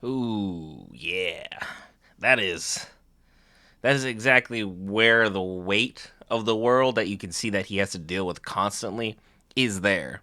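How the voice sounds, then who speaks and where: A man giving a sarcastic, jokey, animated commentary as a reaction video host. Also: lowish voice, slow pace, dry recording, clean studio sound, faint music behind.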